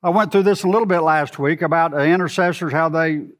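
A man preaching a sermon, swinging from loud emphatic lines to soft low asides and putting questions to the congregation. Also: quick pace. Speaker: pastor.

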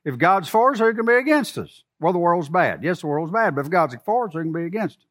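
A pastor preaches a sermon, swinging from loud, emphatic lines to soft, low asides while putting questions to the congregation. He talks fast with big pitch swings.

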